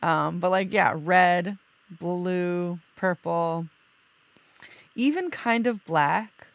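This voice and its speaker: Gravelly-voiced woman hosting a podcast. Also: fairly low pitch, extremely slow, no echo. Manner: chatty, laughs easily, loose and rambling. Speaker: podcast host. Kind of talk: casual chat.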